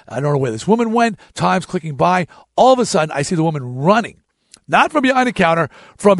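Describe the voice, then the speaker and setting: Chatty man telling a story, slightly high voice. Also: dry recording, clean studio sound. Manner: animated, chatty retelling with frequent restarts. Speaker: show host. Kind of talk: casual storytelling monologue.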